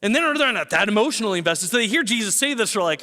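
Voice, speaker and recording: A middle-aged man preaching a sermon in a lively storytelling way, with jokes and acted quotes. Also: high-pitched, very fast, hardly any pauses. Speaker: pastor. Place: large church auditorium. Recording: long hall reverb.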